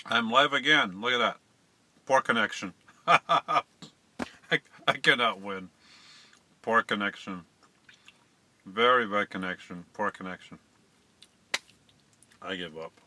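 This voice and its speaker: A man's voice: on the low side, takes it slowly, long pauses, sharp tone. A middle-aged man hosting a casual live stream, chatting to viewers and fumbling with settings.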